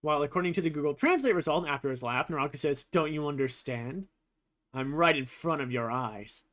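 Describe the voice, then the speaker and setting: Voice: medium pitch, expressive, fairly quick, a bit bright. A streamer casually commenting over gameplay while comparing translations, thinking aloud with fillers and the odd swear word.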